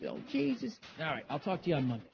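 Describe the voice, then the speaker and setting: A middle-aged man holds forth as a podcast host, ranting in a heated, swearing, rambling comedic monologue. His voice sits a little high for a man. The recording sounds dull and lo-fi. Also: wildly swooping pitch, quick pace, creaky, slight background noise.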